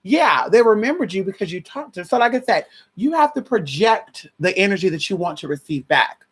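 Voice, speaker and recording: Sassy, animated woman telling a story. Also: a little fast, breathy edge. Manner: sassy, animated, slangy, swings pitch widely acting out quotes. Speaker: vlogger giving advice. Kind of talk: casual storytelling to a viewer.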